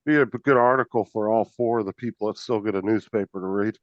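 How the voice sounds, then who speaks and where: Fast-talking teasing man, low voice. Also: dry recording. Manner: teasing, laughs while talking. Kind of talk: casual chat. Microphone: video call. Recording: dull dry video call audio.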